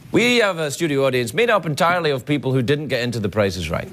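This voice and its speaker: A man's voice: mid-range voice, expressive, fast, few pauses, noisy background. A man hosting a late-night talk show, delivering a rambling, self-mocking comedy monologue in a television studio.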